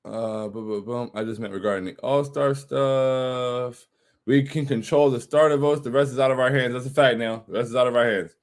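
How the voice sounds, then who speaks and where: A man's voice: mid-range voice, fairly even intonation, moderate pace. A man hosting a casual livestream chat, reading viewer comments and answering in an emphatic, slangy way. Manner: hype, emphatic, repeats phrases, slangy.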